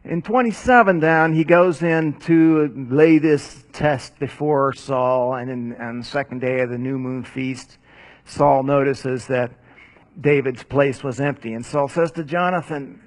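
A man's voice: mid-range voice, normal speed. A man preaching and teaching through a Bible passage in a casual, conversational way, with rhetorical questions and asides. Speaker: pastor.

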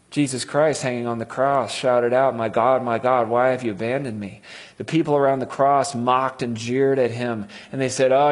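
A man preaching a sermon, quoting scripture with dramatic swings from loud cries to hushed tones. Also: mid-range voice, husky.

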